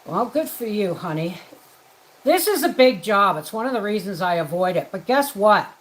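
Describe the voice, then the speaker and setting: A woman's voice: medium pitch, very animated, normal speed, poor audio. A woman hosting a homestead livestream from her kitchen, chatting casually as she cooks and greeting viewers by name. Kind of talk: casual livestream chat while cooking. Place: home kitchen.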